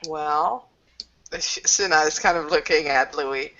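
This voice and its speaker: A woman's voice: deep voice, measured pace, bright, forceful tone. A woman player narrating her character's actions in a tabletop game, matter-of-fact. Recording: dull lo-fi voice chat.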